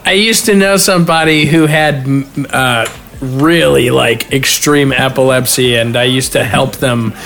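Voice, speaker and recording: A man co-hosting a casual podcast, rambling and halting as he tells a story. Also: mid-range voice, vocal fry, a bit bright, a little hiss or hum. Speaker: podcast co-host. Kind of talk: casual chat.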